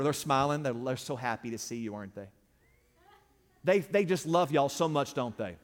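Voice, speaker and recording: A man's voice: expressive, normal speed. A man preaching a sermon, emphatic and conversational, pressing points with call-and-response to the congregation. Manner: emphatic, call-and-response, surges louder and higher on key points. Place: church sanctuary. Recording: long reverb of a church hall.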